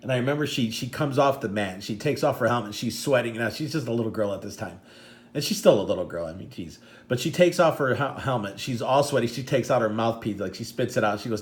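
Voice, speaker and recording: Here a middle-aged man, a dad who coaches karate, rattles off a long, emotional story to the camera at a fast clip. His voice sits in the mid range. He rambles, restarts his sentences again and again, and chokes up along the way.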